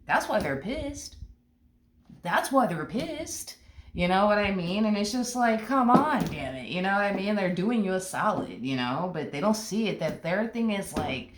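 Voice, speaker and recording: A woman's voice: mid-range voice, animated, moderate pace, slight background noise. A woman giving a casual tarot reading, blunt and emphatic, repeating her points and swearing freely. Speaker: tarot reader. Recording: roomy echo.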